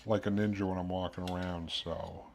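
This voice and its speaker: A man's voice: low-pitched, level tone, moderate pace, a little hiss or hum. Rambling man chatting while cooking. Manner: rambling, self-interrupting storyteller. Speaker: streamer. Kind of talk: casual chat while cooking. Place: home kitchen. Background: kitchen dishes and cutlery clatter.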